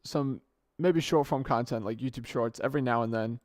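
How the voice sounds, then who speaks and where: A young man hosts his own podcast in a casual solo monologue, speaking off the cuff into a good microphone and rambling, often restarting or correcting himself mid-sentence. His mid-range voice is a little mellow at normal speed, recorded dry with clean studio sound.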